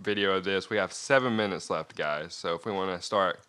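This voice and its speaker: A man's voice: sits low, brisk, pushed and bright, smooth. A man hosting a podcast, casually chatting and steering the conversation. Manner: easygoing, laughing, steers the talk. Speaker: podcast host. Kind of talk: casual chat.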